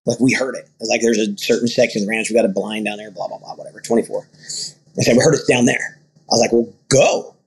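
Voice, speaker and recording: A ranch owner in an interview, talking earnestly and rambling through stories with quoted dialogue. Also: male voice, fairly low pitch, steady tone, fast, breathy edge. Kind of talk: conversational interview storytelling.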